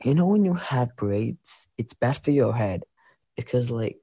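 A man's voice: medium pitch, expressive, unhurried, lo-fi sound, crowd noise. A man in a group voice chat, joking in a mock-serious way and calling others bro. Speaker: voice chat participant.

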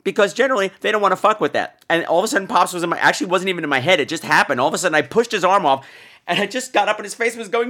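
A man's voice: high voice, racing, sharp tone. A man in his thirties hosting a podcast, telling a campy comic story with lots of mock voices. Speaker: podcast host. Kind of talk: comic monologue.

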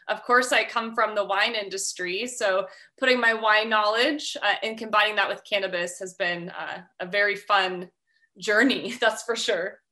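A woman's voice: mid-range voice, steady tone, moderate pace, bright, forceful tone. A woman talking as a podcast guest, explaining at length in a friendly way, with ums and light laughs. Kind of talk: casual interview chat.

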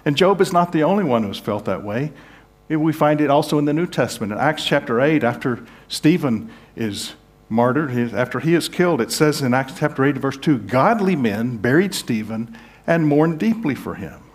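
Male pastor, earnest preacher, swings from hushed to emphatic, mid-pitched voice. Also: fairly quick. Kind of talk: sermon. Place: church sanctuary.

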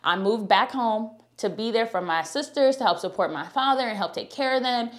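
A young adult woman hosting a podcast, chatty and animated, talking directly to her listeners and reading her own ad. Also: a little high, normal speed. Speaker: podcast host. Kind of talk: casual podcast talk with ad read.

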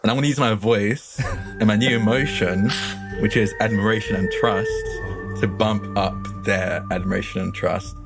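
A man's voice: lowish voice, steady tone, moderate pace, gravelly. A man playing a tabletop role-playing game, chatty and laughing as he thinks aloud. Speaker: player. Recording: podcast with music underneath.

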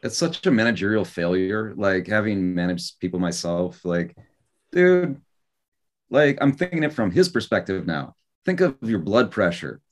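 Opinionated low-voiced man chatting. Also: sing-song, normal speed. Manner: opinionated, filler-heavy commentary. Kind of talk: casual podcast chat.

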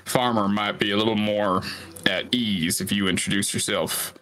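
A man's voice: lowish voice, fairly even intonation, normal speed, a bit bright. A man playing a tabletop game, talking in a casual, joking way. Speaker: player.

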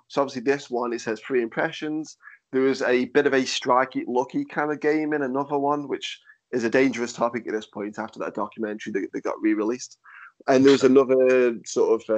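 A man hosting a podcast in casual chat, with a nasal, fairly monotone voice, swearing and laughing easily. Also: medium pitch, a little fast, dull audio. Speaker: podcast host.

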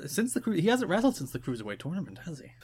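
A man's voice: high voice, huge pitch swings, fast, a little mellow, husky. A man co-hosting a podcast, chatting casually and sarcastically about wrestling. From Ireland. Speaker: podcast co-host. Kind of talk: casual wrestling recap chat.

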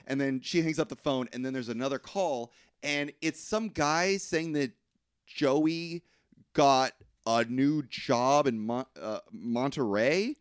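A man's voice: mid-range voice, measured pace, smooth, dry recording, clean studio sound. A man co-hosting a podcast, recapping a film in casual chat, swearing freely as he tells the story. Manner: animated storytelling, swearing, mocking voices. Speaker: podcast co-host.

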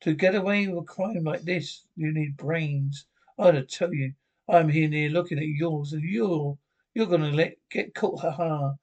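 A sardonic inner conscience that needles and mocks. Its dry, teasing tone fits a TV horror tale. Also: male voice, on the high side, normal speed, darkish tone, highs cut off. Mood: mocking. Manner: taunting and sardonic. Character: mocking male inner conscience voice.

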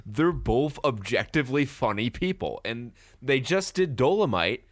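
A man co-hosting a podcast, chatting casually about a movie, animated and swearing freely as he acts out lines from trailers. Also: mid-range voice, a little slow, no echo, studio quality. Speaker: podcast co-host. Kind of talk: casual movie review chat.

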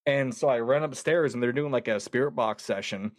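A man casually telling a long story, animated and quoting himself often with words like "dude". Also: medium pitch, fairly quick, no echo. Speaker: podcast guest.

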